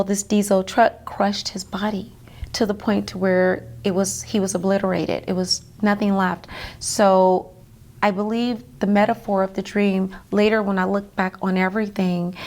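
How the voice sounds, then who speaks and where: Woman guest in an interview, earnest storytelling, vivid detail, lots of fillers, mid-pitched voice. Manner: earnest, vivid retelling with many fillers like "like" and "you know".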